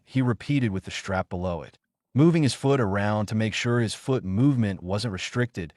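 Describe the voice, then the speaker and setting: Guy reading fanfic out loud, low voice, lively, super dry close sound. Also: no room sound. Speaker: narrator. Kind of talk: fan fiction reading.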